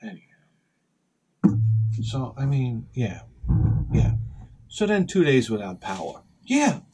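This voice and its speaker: A middle-aged man telling a rambling, profane story as a video host, sometimes shouting as he acts out his panic. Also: medium pitch, very animated, slow pace, faint music behind. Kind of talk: casual storytelling vlog.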